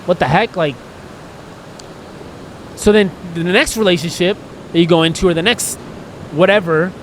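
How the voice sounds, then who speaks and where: A man's voice: high voice, moderate pace, slight background noise. A man co-hosting a podcast, talking earnestly and emotionally in a rambling, candid way. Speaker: podcast co-host.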